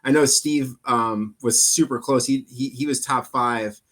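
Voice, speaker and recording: A man's voice: medium pitch, fairly even intonation, measured pace, a bit bright. A man who directs an amateur golf tour, talking earnestly in a loose, rambling way with many fillers. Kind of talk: casual chat.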